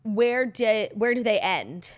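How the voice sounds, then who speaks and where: A woman's voice: mid-range voice, animated, takes it slowly. Woman, podcast co-host, casual chat, sarcastic, opinionated, swears casually. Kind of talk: casual pop culture chat.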